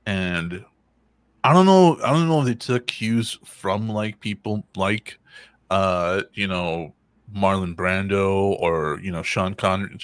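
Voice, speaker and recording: A man's voice: low voice, slow pace, clean tone, no echo. A man in loose, profane banter who rambles and laughs easily. His voice sits close and dry, with no room sound around it. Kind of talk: casual banter.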